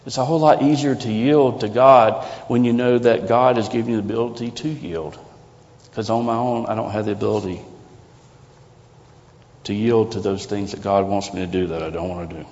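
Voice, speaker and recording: A pastor preaches a sermon in a somewhat low, steady, darkish voice at a fairly quick pace, recorded lo-fi in a reverberant church sanctuary. He's conversational and earnest, posing rhetorical questions to the congregation.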